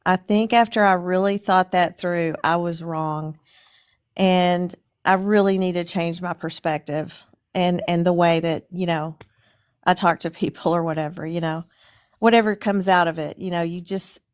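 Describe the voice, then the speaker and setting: A woman's voice: fairly low pitch, steady tone, normal speed, smooth. A middle-aged woman speaking as a guest in a casual conversation, reflective and searching for her words with many fillers. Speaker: stream guest.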